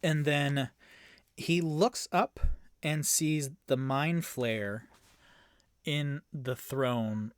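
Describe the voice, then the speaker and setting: A man's voice: on the high side, drawn-out words, pauses often, smooth, no echo. A man narrating a tabletop game alone as game master and player, rambling with many fillers and bursting into groans of dread. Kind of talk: solo tabletop actual-play narration.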